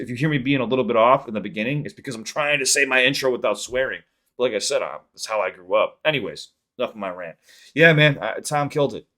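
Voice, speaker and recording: A man's voice: medium pitch, a bit bright. A man hosting a music reaction channel, talking in a rambling, earnest way, swearing freely and stumbling over repeated words. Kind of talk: casual reaction vlog talk.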